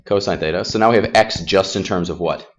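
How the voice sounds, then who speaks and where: Deep-voiced man teaching a math class. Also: highs cut off. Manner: quizzing students with quick questions; casual, self-deprecating.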